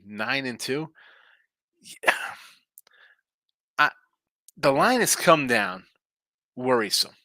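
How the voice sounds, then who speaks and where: A man with a mid-range, pushed and bright voice hosts a casual sports betting live stream, yawning from tiredness. He rambles through viewer messages, reading them out and answering as he goes. No echo is present.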